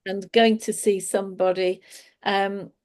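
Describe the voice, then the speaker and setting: A woman's voice: mid-range voice, level tone, a little slow, a little mellow. A woman giving a casual, reflective spiritual talk, laughing often as she explains. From England. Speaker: spiritual teacher.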